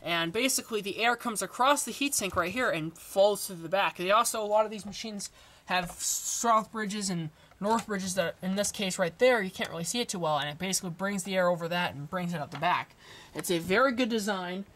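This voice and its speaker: A teenage young man with a high, fairly quick, sharp-toned voice gives a casual show-and-tell of a computer he rebuilt. He rambles and corrects himself along the way, and there's a little hiss or hum in the audio.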